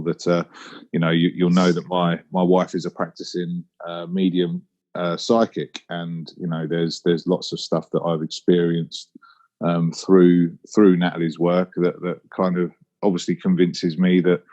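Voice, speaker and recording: Deep and dark in tone, with the highs cut off, this Cockney speaker from London runs a casual solo podcast. Alone at the mic, he reflects on stories from his own life.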